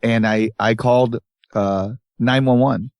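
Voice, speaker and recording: A man's voice: mid-range voice, fairly even intonation, unhurried, a little mellow, clean tone, no room sound. A man co-hosting a podcast, telling a long rambling road story in casual chat and acting out the people in it. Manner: rambling anecdotes with acted-out quotes. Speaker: podcast co-host. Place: tour bus.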